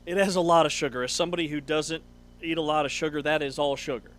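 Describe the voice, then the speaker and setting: A man's voice: fairly high pitch, fairly even intonation, fast, a bit bright, slight background noise. A man co-hosting a sports radio show from a studio, tossing out dry, wisecracking asides. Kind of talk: casual sports radio chat.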